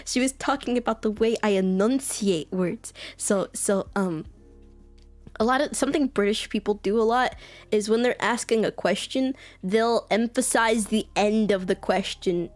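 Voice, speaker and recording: A woman's voice: mid-range voice, normal speed, no echo. A chatty American woman streaming and talking casually to her viewers, giggling easily and filling her lines with "like". Her voice sits in a middle range, and faint music plays underneath. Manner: giggly, chatty, says like a lot. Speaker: VTuber streamer. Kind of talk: casual chat with live chat.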